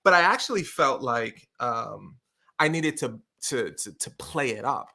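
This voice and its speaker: A man speaking as a guest in a casual conversational interview, energetic and expressive as he tells his stories. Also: medium pitch, a little slow, gravelly. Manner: energetic, expressive storyteller with many fillers and restarts.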